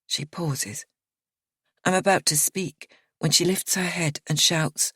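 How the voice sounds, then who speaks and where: A woman reading a psychological thriller aloud in the first person, measured and hushed. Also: lowish voice, expressive, breathy edge, dry recording, studio quality. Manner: measured and hushed, dropping to a whisper at tense moments. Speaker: audiobook narrator.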